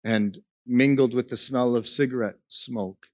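A man preaching a sermon, first telling a story in an even, middling voice. As it goes on he climbs steadily in pitch and force until he is nearly crying out to the room. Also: a little slow, no room sound, studio quality. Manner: builds from quiet storytelling to impassioned preaching. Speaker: pastor.

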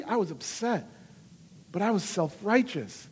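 A high-pitched man in his thirties delivers an earnest sermon as a pastor. His delivery is animated, and he voices quoted lines with dramatic feeling. The sound carries a long reverb from a church hall. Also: normal speed, husky.

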